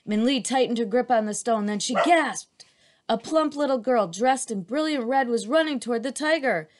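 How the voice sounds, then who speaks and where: A woman's voice: a little high, brisk, background noise. A woman reading a children's adventure chapter aloud as narrator, with an occasional restart.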